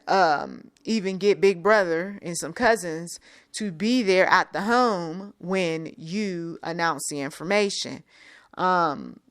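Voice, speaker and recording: A middle-aged woman hosting an advice talk, plainspoken and direct, speaking straight to the listener with rhetorical questions. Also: on the low side. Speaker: channel host giving advice. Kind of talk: unscripted faith-based advice talk.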